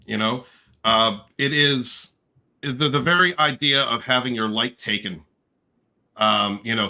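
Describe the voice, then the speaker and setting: A man hosting a casual livestream, warmly shouting out chat viewers by name and joking playfully with them. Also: lowish voice. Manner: effusive, affectionate shout-outs to chat viewers. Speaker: livestream host.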